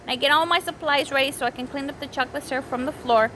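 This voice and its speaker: A high-voiced woman in her thirties talks rapid-fire over a noisy background, telling a vlog story about her week at home. She rambles and corrects herself, cutting away to scold the small children heard close by.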